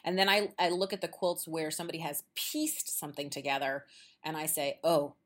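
Podcast host, woman, lively chatty storyteller, voice on the low side. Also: brisk. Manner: animated storyteller, acts out quotes, laughs often. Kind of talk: casual chat. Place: at a quilt show.

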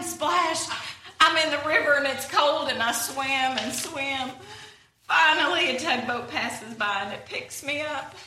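A woman's voice: extremely high pitch, noisy background, pitched above the performer's own voice. A woman reading aloud from a storybook, voicing an anxious male walrus who frets and spirals into panic. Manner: nervous, catastrophizing, rising into panic. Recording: echoey room, voice from a distance.

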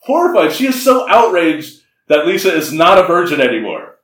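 A man's voice: a little high, very animated, normal speed, a bit bright. A man co-hosting a podcast, recapping a movie in casual chat, laughing often and acting out the characters' lines. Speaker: podcast co-host. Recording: echoey room, voice a bit far from mic.

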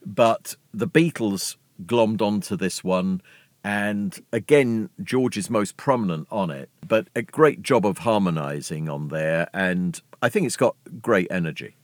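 A man with a notably deep voice chats on a podcast in a relaxed, eager way, often tossing in "right?" to check in. The sound is dry and close, with no room in it. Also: unhurried, no room sound. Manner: enthusiastic, conversational, tags points with "right?". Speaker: podcast co-host. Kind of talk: casual music history chat.

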